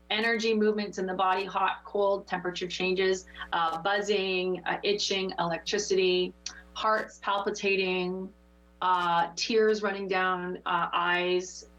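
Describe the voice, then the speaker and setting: A woman hosting a show as a spiritual teacher, leading a guided meditation with slow repeated affirmations and giving card readings. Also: lowish voice, a bit bright, lo-fi sound. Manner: soothing, repetitive affirmations.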